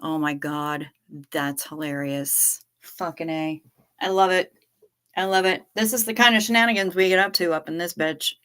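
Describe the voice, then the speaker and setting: A woman's voice: on the low side, moderate pace, a bit bright, clean tone. A woman hosting a livestream from home, chatting casually, rambling candidly and swearing freely. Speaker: livestream host.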